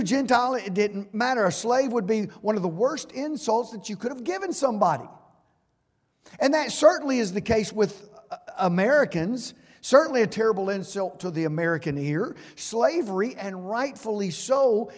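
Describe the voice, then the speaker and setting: A man preaching a sermon as pastor, emphatic, swinging from loud passages to hushed ones. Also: extremely high pitch. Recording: hall reverb.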